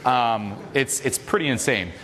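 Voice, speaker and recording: A man leading a seminar, coaching a live audience in a loud, profane, energetic way. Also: mid-range voice, measured pace. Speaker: seminar leader. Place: large hall with a live audience. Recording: echoey hall with crowd noise.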